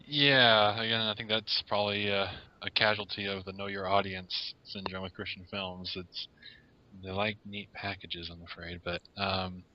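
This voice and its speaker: A man with a low voice talks about a film as a podcast guest. His delivery is measured and peppered with fillers. The audio sounds dull and lo-fi. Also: steady tone. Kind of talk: casual film discussion.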